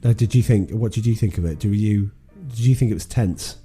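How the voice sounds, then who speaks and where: A man's voice: lowish voice, fairly quick, dark tone, soft background music. A man co-hosting a podcast, casually retelling a film plot with many ums and restarts. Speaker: podcast co-host. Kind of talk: casual film recap chat.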